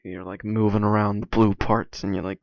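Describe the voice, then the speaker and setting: A young man chatting casually while playing a game, halting and full of fillers and restarts. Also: on the low side, flat delivery, gravelly, no echo. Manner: halting, filler-heavy, many restarts and likes. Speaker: video creator. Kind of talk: casual rambling commentary over gameplay. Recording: dull lo-fi mic, dry.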